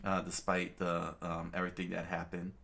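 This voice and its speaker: Very low-voiced man reading a comic aloud. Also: monotone, gravelly, bright, forceful tone. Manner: halting, many fillers and restarts. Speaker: reader, narrator. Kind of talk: unscripted manga read-aloud.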